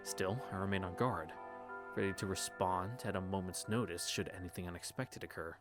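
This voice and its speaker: A man with a low, deep voice reads a story aloud in a relaxed read-through. He stumbles over longer words, backs up to fix them, and drops wry, sometimes profane asides. Soft music plays faintly underneath. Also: brisk. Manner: swears casually in asides. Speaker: reader of a visual novel.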